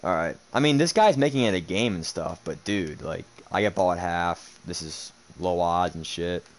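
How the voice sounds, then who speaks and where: A young gaming streamer gives live commentary over the football video game he's playing, speaking low at a normal speed. He mutters sarcastic remarks and curses in frustration at his opponent.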